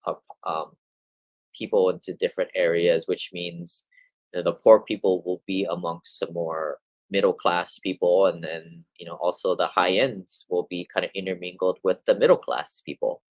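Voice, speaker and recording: Deep-voiced man giving a casual market update. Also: fairly even intonation, normal speed, no echo, rough recording. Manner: casual, rambling with fillers and restarts. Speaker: real estate investing host. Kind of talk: monthly market update talk.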